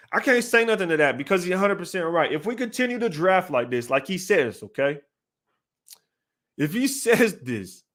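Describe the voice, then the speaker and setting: A high-voiced man on a casual sports live stream, animated and loose. He repeats himself a lot, drops slang and gives shout-outs to viewers by name. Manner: animated, repetitive, slangy, talks to chat by name. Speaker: sports channel host.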